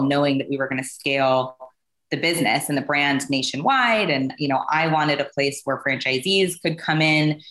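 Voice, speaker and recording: A California woman who is a company CEO appears as a podcast guest, chatting casually in a rambling way packed with fillers. Her voice sits low but is a bit bright, and the sound is roomy.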